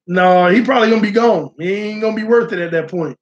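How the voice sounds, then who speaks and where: A man's voice: sits high, quick pace, muffled recording. A man hosting a casual live-stream sports talk show, talking animatedly and straight to his viewers. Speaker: sports channel host.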